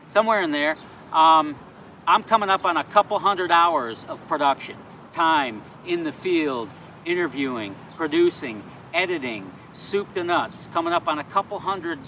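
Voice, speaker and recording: A man with a fairly high voice chats earnestly to camera outside in a town square. He is picked up from a distance, with cars and street noise clearly behind him. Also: bright, forceful tone. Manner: earnest, chatty, playfully pleading. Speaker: vlogger. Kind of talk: casual outdoor vlog.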